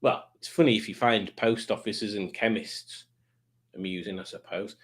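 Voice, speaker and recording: A man's voice: on the low side, steady tone, normal speed. A middle-aged British man hosting a live chat stream, rambling, self-mocking and easily sidetracked. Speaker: livestream host.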